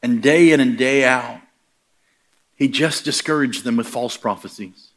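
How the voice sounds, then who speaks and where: A man's voice: mid-range voice, unhurried, a bit bright. Emphatic storytelling male preacher. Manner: storytelling preacher, acts out quoted voices, rising emphatic punches. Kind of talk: sermon.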